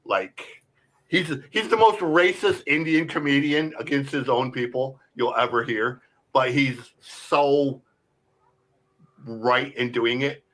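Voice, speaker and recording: A man in casual podcast chat, telling stories in a rambling, excited way, full of "like" and "bro" and swearing. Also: medium pitch, slow.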